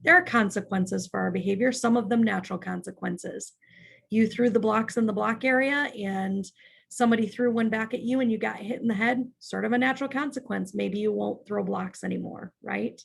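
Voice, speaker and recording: A woman's voice: mid-range voice, fairly quick, gravelly, breathy edge. A woman leading a childcare staff training in a church parlor, practical and often checking in with "right?".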